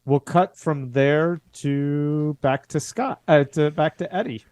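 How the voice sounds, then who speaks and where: A man's voice: fairly high pitch, fairly even intonation, slow pace, a little mellow, no room sound. Hesitant man running a tabletop game. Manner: hesitant, full of filler words. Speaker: game master.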